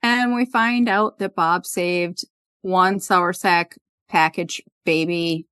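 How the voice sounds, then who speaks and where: A woman's voice: on the low side, steady tone, takes it slowly, fairly bright tone, clear, resonant tone, no echo. A woman hosting a podcast, casually retelling an episode's scenes and quoting the characters. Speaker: podcast host. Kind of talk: casual recap chat.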